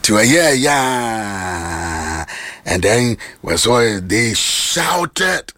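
A man preaching, switching between Twi and English, with sudden shouts and hammering repetitions. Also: mid-range voice, big pitch swings, measured pace, creaky, no room sound. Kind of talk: sermon.

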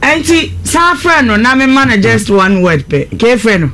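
Woman, radio host; high, animated, emphatic. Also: moderate pace. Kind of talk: call-in radio talk.

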